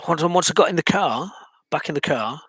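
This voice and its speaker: A man's voice: on the high side, animated, brisk, fairly bright tone, husky, dry recording. Hesitant man, dry close sound. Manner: hesitant, many ums and restarts, reflective. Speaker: vlogger. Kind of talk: personal monologue.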